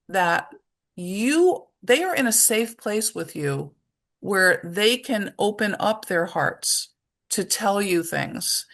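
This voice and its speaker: A woman's voice: lowish voice, creaky, a bit bright. A woman presenting a webinar to parents and teachers, speaking conversationally and explaining her points through everyday examples.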